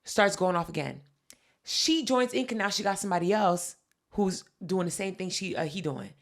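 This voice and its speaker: A woman co-hosting a podcast tells a story in casual, animated chat. Her delivery is profane and punchy, and she acts out the quotes. Her voice sits at an everyday middle pitch. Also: normal speed. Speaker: podcast co-host.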